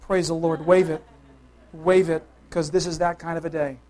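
A preacher giving a sermon, talking straight to the congregation with quick questions, swinging between loud emphatic calls and soft, hushed asides. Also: medium pitch, flat delivery.

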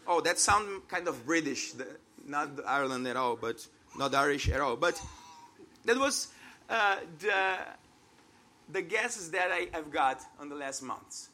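A man in his thirties with a Brazilian Portuguese accent delivers a sermon in a high, bright voice with lively intonation. He speaks unhurriedly, earnestly and conversationally, laughing at himself now and then, with a faint room ambience in the background.

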